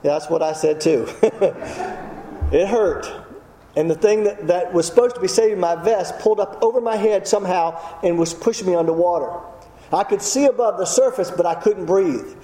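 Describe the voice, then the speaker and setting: A man's voice: sits high, brisk, mellow. A middle-aged man preaching a testimony sermon, telling his story with self-deprecating humor. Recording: echoey hall.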